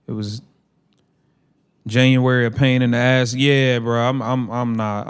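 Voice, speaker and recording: A man's voice: medium pitch, level tone, unhurried, pauses often, smooth. A man hosting a casual live watch-along stream, calling the plays and ranting in heated slang.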